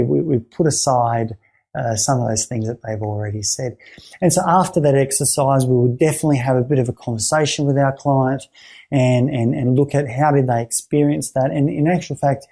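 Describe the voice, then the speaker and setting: A man explaining a therapy exercise to fellow clinicians, halting often to repeat words and restart his sentences. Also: medium pitch, gravelly, warm tone, husky. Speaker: therapy trainer.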